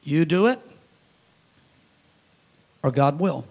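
Preacher from Louisiana, male, high-pitched, folksy sermon storyteller, loud-to-hushed delivery. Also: lively intonation, slow, creaky. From Louisiana, USA.

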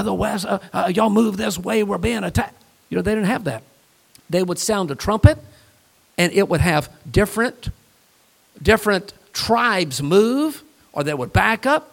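A man delivers a sermon from the pulpit, animated and lively as he moves between reading scripture and telling jokes. His voice sits a little on the high side for a man. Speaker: pastor.

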